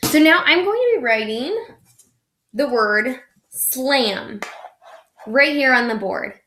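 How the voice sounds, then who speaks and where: A young woman teaching young children a phonics lesson, slow and encouraging, stretching out each sound. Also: high-pitched, lively intonation, bright, forceful tone, reverberant, a little hiss or hum.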